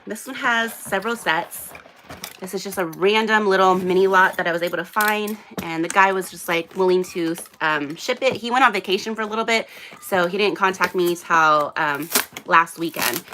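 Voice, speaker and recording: Under hot lights in a small room, a young host rambles through a live unboxing, chatty and casual, leaning on fillers. She speaks at a medium pitch with a bright, forceful tone, and a little hiss or hum sits in the recording.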